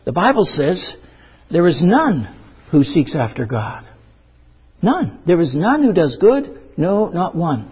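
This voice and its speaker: A high-pitched, slightly husky man delivers an earnest sermon full of rhetorical questions and repeated phrases. The recording is muffled and lo-fi. His voice rings with the long reverb of a large hall. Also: sing-song, slow pace. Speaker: preacher.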